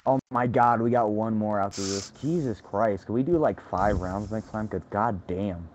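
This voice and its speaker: A man's voice: on the low side, normal speed, darkish tone, highs cut off, slight background noise. A man gaming with friends over voice chat, laid-back and teasing, swearing casually. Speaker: gamer in voice chat. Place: at home on online voice chat.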